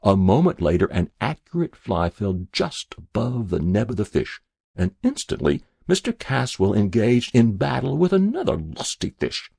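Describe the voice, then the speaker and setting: A man reading a story aloud in a measured, expressive way. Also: lowish voice, creaky, breathy edge, no echo, clean studio sound. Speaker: narrator.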